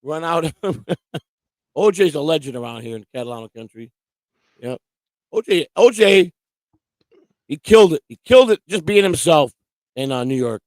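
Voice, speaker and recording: A man co-hosting a casual livestream, loud and giddy, repeating himself and laughing a lot. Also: a little high, lively intonation, normal speed, long pauses, no room sound. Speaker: livestream co-host. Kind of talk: rowdy casual livestream chat.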